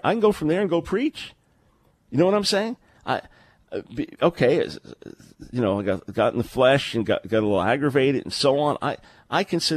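A man's voice: on the high side, animated, quick pace, dry recording. A man hosting a live call-in radio talk show, speaking earnestly and conversationally, often repeating a word as he starts a sentence. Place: remote location, early morning.

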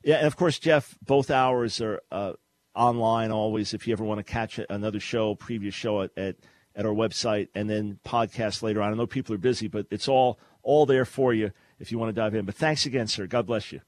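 A man's voice: on the low side, a little fast, no room sound. Earnest male radio talk host, dry sound. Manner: earnest preaching delivery with repeated restarts. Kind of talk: call-in radio talk and teaching.

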